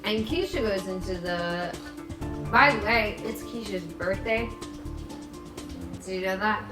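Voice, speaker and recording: A tipsy woman retelling a story in an animated, rambling comedic way. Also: mid-range voice, measured pace. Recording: echoey room with music.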